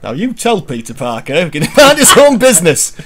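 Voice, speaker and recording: A man's voice: sits high, huge pitch swings, fairly quick, a bit bright, breathy edge, voice pushed up, full character voice. A man voicing a boastful northern English alien symbiote brute, with a swaggering, rowdy delivery.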